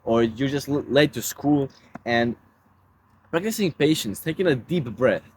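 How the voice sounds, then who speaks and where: A man's voice: mid-range voice, lively intonation, measured pace, a little hiss or hum. A man giving casual self-help advice in a laid-back way, calling the listener bro.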